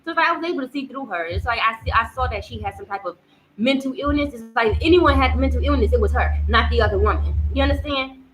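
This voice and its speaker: A woman's voice: on the high side, lively intonation, fast talker, a bit bright, poor audio. A young woman telling a personal story in a casual, rambling way, with many fillers and repeated phrases. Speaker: vlogger.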